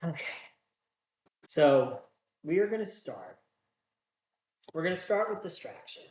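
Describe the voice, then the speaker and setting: Playing a solo tabletop game casually, a man reads gruesome card stories aloud and mocks his own bad luck, groaning over poor dice rolls. His fairly high, darkish voice swings widely in pitch at a measured pace. The room is roomy and echoey.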